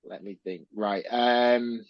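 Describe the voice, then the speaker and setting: A man's voice: lowish voice, fairly even intonation, slow pace, dry recording. Easygoing male co-host on a dull mic. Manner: easygoing, laughs often. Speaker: podcast co-host. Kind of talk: casual chat about films.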